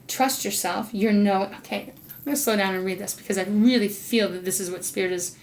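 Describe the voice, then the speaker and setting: A woman giving a casual tarot reading, effusive and gushing with excitement, murmuring softly when she addresses spirit. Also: mid-range voice, gravelly, a little hiss or hum. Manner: talks to spirit, murmurs softly while drawing cards. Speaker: intuitive tarot reader.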